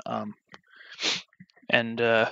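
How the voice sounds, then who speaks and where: Bright-voiced young man rambling. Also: mid-range voice, monotone, very slow, vocal fry, clear, resonant tone, no room sound, muffled recording. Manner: meandering, many fillers and restarts, flares into loud ranting. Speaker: video creator modding a game. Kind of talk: rambling off-topic commentary.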